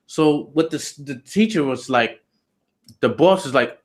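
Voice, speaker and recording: A man's voice: fairly high pitch, lively intonation, measured pace. A man being interviewed, telling a story in loose, slangy, profane casual talk with lots of "you know". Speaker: interview guest.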